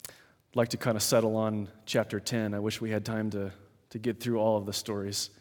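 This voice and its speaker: A man preaching a sermon in a measured, emphatic way, with dramatic pauses, in a large church hall. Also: fairly low pitch, flat delivery, a little mellow. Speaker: pastor. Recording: long hall reverb.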